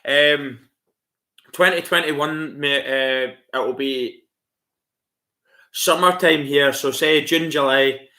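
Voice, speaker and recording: A man's voice: fairly high pitch, steady tone, slow pace, long pauses, bright, forceful tone. A Scottish man chatting casually on a live stream, swearing freely and laughing often as he answers viewers. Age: adult with school-age kids.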